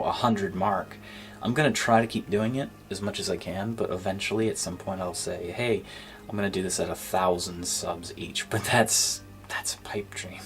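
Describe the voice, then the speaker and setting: A man with a deep, low voice vlogs to his viewers, hesitant and full of fillers. He sounds low-spirited, and his voice often sinks to a breathy near-whisper. Faint music plays softly behind him. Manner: subdued and halting, many fillers, drops to near-whisper. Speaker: gaming YouTuber. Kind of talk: casual thank-you vlog. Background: faint background music.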